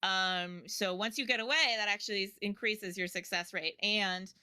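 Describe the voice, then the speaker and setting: Bright-voiced woman running a tabletop game. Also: medium pitch, normal speed, smooth, no echo. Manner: thinks aloud, lots of fillers and restarts. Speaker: game master.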